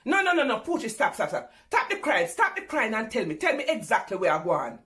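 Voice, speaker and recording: A middle-aged woman with a Jamaican accent delivers a comic monologue in patois. She talks in a theatrical, exclaiming way, her voice sitting a little high. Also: sing-song, a little fast, a bit bright. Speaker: comedy performer.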